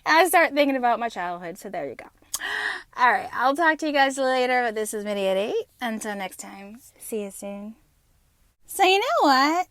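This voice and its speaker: Fifty-something lady ranting on her podcast, swears a lot, kinda high voice, dry close sound. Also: normal speed, dry recording. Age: 50s. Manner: profane, animated storytelling with quoted asides. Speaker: podcast host. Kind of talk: unscripted casual monologue.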